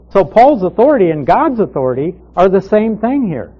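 A man's voice: sits high, big pitch swings, brisk, few pauses, breathy edge. A man teaching a Bible class as a pastor, reading scripture aloud and stressing key words with emphatic repetition. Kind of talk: Bible study lecture. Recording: muffled lo-fi recording.

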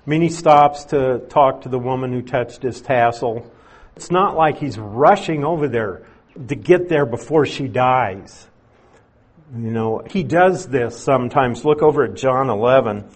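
A man with a husky, slightly breathy voice preaches through a Bible passage. He explains verses in a plain way and drops in casual asides. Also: mid-range voice, a little slow. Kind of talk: expository sermon.

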